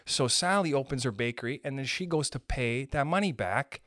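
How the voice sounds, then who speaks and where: A man's voice: mid-range voice, lively intonation, moderate pace, fairly bright tone, no room sound. A man hosting a podcast, ranting casually with lots of swearing and playful jokes. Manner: profane, rambling, playful impressions of others. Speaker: podcast host. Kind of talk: casual comedic rant.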